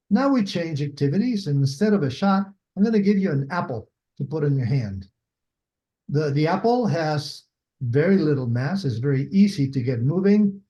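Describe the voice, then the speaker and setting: Older man, lecturer, mellow tone, slightly high voice, video call, explains step by step. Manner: explanatory, repeats points, acts out examples. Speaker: biomechanics lecturer. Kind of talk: online lecture.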